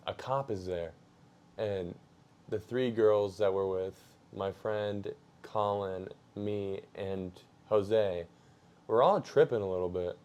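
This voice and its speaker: A young streamer with a fairly low, slightly mellow voice tells a story in a casual, slangy manner. He drifts along, using fillers and laughing easily.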